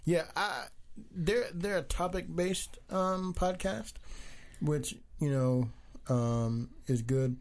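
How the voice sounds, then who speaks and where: A man's voice: fairly high pitch, takes it slowly. A man co-hosting a podcast in casual chat, easygoing and rambling, with plenty of fillers. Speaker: podcast co-host.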